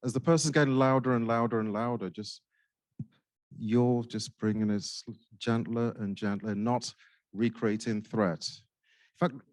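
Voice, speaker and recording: A man's voice: mid-range voice, fairly even intonation, measured pace, a little mellow, no room sound, studio quality. Nigerian man leading a workshop. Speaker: psychiatrist and workshop facilitator. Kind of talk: workshop teaching.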